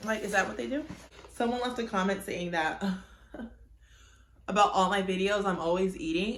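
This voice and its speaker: A woman's voice: medium pitch, moderate pace, pauses often, a bit bright. A young woman vlogging at home to her phone camera, candid and chatty with exasperated asides. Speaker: YouTuber. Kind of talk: casual vlog talk to camera. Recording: echoey room.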